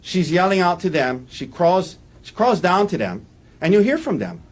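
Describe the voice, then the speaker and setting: A man giving a defense opening statement in a courtroom, walking the jury through events in an earnest, halting way with frequent restarts. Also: high-pitched, big pitch swings. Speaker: defense attorney.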